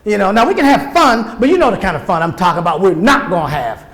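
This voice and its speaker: Emphatic high-voiced man in an echoey hall. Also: lively intonation, quick pace, fairly bright tone. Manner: emphatic, preacherly, addresses the crowd directly. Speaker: keynote speaker. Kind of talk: conference keynote speech. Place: large conference hall.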